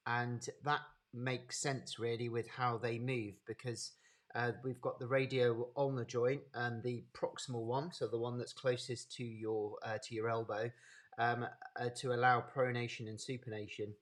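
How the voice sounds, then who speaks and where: A man's voice: medium pitch, flat delivery. Chatty Birmingham-accented man lecturing online. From English Midlands. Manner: chatty, unhurried, stops to greet attendees by name. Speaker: anatomy lecturer. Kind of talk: informal live webinar lecture.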